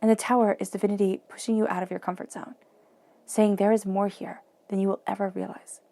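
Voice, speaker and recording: Gravelly-voiced woman giving a tarot reading. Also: medium pitch, flat delivery, a little fast, mellow, no room sound. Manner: flowing, repetitive, encouraging, acts out quoted self-talk. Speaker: tarot reader.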